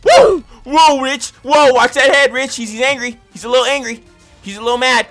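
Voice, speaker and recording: A man giving loud, slangy play-by-play commentary on his own gameplay, yelling and whooping at the action. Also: extremely high pitch, normal speed, soft background music. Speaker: gaming channel host. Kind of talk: excited let's-play commentary.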